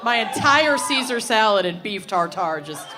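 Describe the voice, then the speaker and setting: A woman's voice: mid-range voice, expressive, normal speed. A woman in her thirties co-hosting a podcast live on stage, brash, crude and joking. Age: 30s. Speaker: podcast co-host. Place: stage before a live audience. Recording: loud live crowd and room noise. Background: audience noise.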